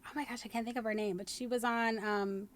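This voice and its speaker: A woman in her thirties chatting to camera at home while unboxing, gushing and excitable with frequent gasps. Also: fairly high pitch, fast, very noisy. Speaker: vlogger. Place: home room.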